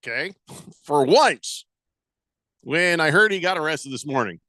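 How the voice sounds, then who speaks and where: A man's voice: on the high side, animated, unhurried, bright, forceful tone, no room sound. A man hosting a sports radio show, bantering casually and reading listener texts aloud in the studio. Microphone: studio microphone.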